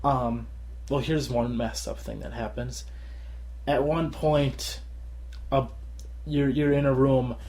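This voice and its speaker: A man's voice: medium pitch, level tone, takes it slowly, long pauses. Rambling, laughing young man chatting. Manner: rambling, laughs often, acts out shouted quotes. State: tired. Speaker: podcast co-host. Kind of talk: casual chat.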